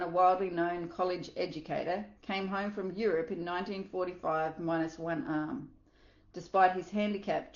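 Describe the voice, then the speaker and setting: A woman reads a self-help book aloud in a slightly low voice, earnest and unpolished, slipping now and then and adding her own asides. The sound is roomy and a little dull, like a simple home recording. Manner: earnest, with small slips and asides. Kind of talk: reading aloud with commentary.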